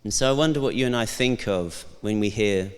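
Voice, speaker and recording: A man's voice: lowish voice, brisk, clean tone. A man, preaching a sermon as the pastor in a conversational, thoughtful way, with casual asides. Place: church. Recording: long church reverb.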